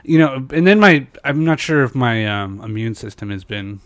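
A young man with a naturally nasal voice, made thicker by a blocked nose, hosts a podcast in loose conversation. He rambles, swears freely and leans on fillers. The sound is close and dry, with a mid-range pitch. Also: expressive, normal speed, a bit bright, no room sound. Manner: rambling, profane, many fillers. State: stuffed-up nose from a head cold. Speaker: podcast host. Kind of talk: casual podcast chat.

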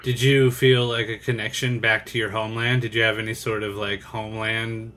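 A man's voice: lowish voice, level tone, brisk, sharp tone. A man hosting a casual podcast, asking rambling, curious questions with some mild swearing. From United States. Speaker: podcast host.

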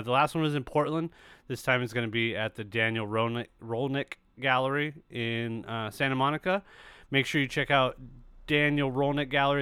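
A man's voice: mid-range voice, sharp tone, clear, resonant tone, dry recording. A man hosting his podcast in casual chat, rambling and loose, swearing freely. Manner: rambling, loose and profane, with many fillers. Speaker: podcast host.

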